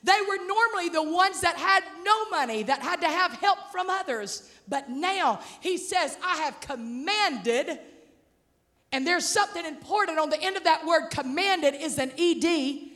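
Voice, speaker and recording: Woman, preacher, animated sermon, very high voice, long hall reverb. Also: a little slow. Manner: animated, acts out voices of the story and calls out to the congregation.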